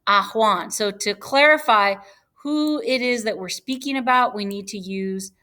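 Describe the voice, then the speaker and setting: Slow, patient woman teaching grammar. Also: mid-range voice, pushed and bright. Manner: patient, explanatory, with fillers and self-corrections. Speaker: Spanish teacher. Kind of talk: screen-share grammar lesson.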